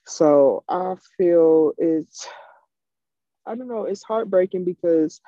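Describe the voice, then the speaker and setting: A chatty man with a fairly high, mellow voice, pausing to search for his words in a casual chat. The audio is muffled and lo-fi. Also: no room sound.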